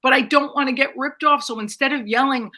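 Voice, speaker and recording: A woman's voice: sits high, brisk. A middle-aged woman, a comedian, telling brash, profane stories in a casual podcast chat. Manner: brash, profane, animated storyteller.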